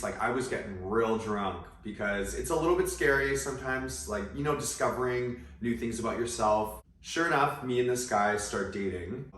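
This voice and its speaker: A young vlogger tells a personal story in a casual, chatty way, full of likes and asides. His mid-range voice is a bit bright and sits far from the mic, with roomy echo and slight background noise.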